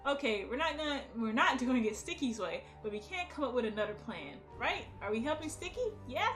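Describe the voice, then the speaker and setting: A woman's voice: a little high, expressive, fairly quick, fairly bright tone, faint music behind. A woman hosting a let's play, chatting playfully while she plays. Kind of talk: casual gameplay commentary.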